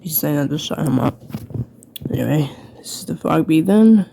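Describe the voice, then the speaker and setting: A woman's voice: low voice, unhurried, vocal fry, warm tone. A woman giving self-mocking, rambling casual commentary as she reviews an old book she wrote as a child, full of "like" fillers. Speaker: video creator.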